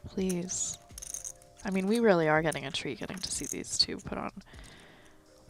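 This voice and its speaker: A woman's voice: fairly low pitch, animated, a little slow, faint music behind. A woman commentating a live poker stream in a chatty, casual way, laughing easily with her co-host.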